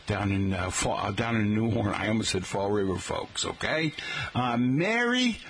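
A man's voice: lowish voice, fairly even intonation, normal speed, gravelly, a little hiss or hum, low-quality recording. Folksy male teacher. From Boston area, Massachusetts. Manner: folksy, spells out words letter by letter, calls listeners folks. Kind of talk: talk-radio style lesson on regional pronunciation.

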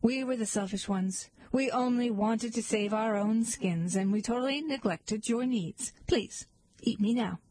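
A woman's voice: on the high side, a little slow, darkish tone, no echo, rough recording. Woman playing a stubborn giant billy goat. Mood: insistent. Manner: insistent, combative. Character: huge male goat, stubborn and insistent.

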